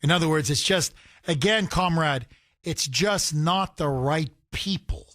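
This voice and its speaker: A man's voice: a little high, measured pace, fairly bright tone, no echo, clean studio sound. A man hosting a call-in talk radio show, talking emphatically with sarcastic jabs. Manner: sarcastic, emphatic, mocking imitations.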